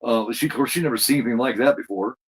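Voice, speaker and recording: A man's voice: mid-range voice, rapid-fire, husky, rough recording. A man casually recapping a TV episode as a podcast co-host, rambling with lots of fillers and restarts.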